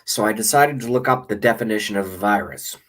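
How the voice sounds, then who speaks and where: A man's voice: fairly low pitch, fast, poor audio. A man delivering a rambling, sarcastic and profane political rant to his webcam as a vlogger. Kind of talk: ranting monologue to camera.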